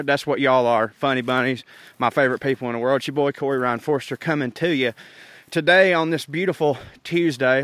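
A man's voice: medium pitch, no echo. A man from North Georgia with a Southern accent, rambling and joking in a casual rant while walking outdoors. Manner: rambling, joking, animated, laughs often. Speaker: comedian podcast host. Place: outdoors, walking on an overcast windy day.

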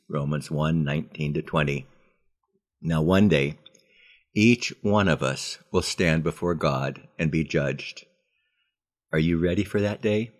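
A man with a deep, low voice hosts a devotional podcast. He tells a story and reads scripture in an earnest, measured way. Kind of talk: storytelling and Bible reading.

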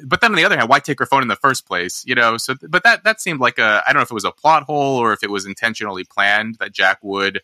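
A man's voice: mid-range voice, animated, quick pace, few pauses, pushed and bright, dry recording. A man hosting a podcast, chatting casually and thinking aloud with lots of restarts. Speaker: podcast host. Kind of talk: casual discussion.

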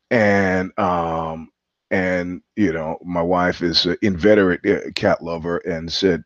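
A man's voice: sits low, no echo. A middle-aged man hosting his own show, talking in a rambling monologue with frequent laughs and restarts. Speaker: host. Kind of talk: casual monologue. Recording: dull lo-fi sound, dry.

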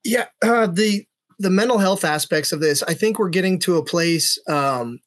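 A man's voice: high voice, lively intonation, moderate pace. A middle-aged man, a police officer guest, telling a personal story in earnest conversation, with frequent restarts and fillers. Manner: earnest, many restarts and "you know" fillers.

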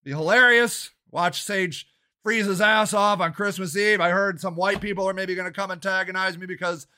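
This Ohio activist and city council candidate, an older man, shouts an agitated, profane rant. His high, sharp voice holds a steady tone at a moderate pace.

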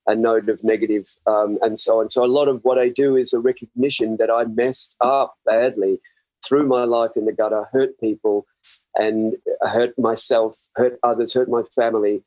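A man's voice: lowish voice, little pitch movement, normal speed, mellow, no echo. An older man with an Australian accent, an author guest giving earnest, rambling, self-searching interview answers over slightly muffled remote audio.

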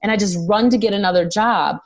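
A woman's voice: medium pitch, quick pace. A woman as a podcast guest, telling personal stories in an earnest, candid, emotional way with casual swearing. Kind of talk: personal storytelling in an interview.

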